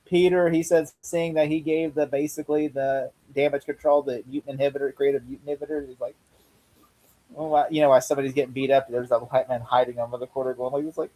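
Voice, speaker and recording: A man hosting a podcast, talking at a middle pitch in casual chat. He rambles through long retellings. He acts out bits of dialogue and laughs often. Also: flat delivery, fast talker, dark tone. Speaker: podcast host.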